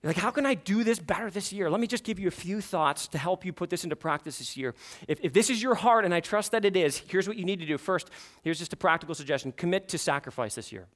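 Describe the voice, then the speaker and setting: A man's voice: high voice, quick pace, fairly bright tone. A male pastor preaching a sermon in a church, earnest and repeating his questions for emphasis.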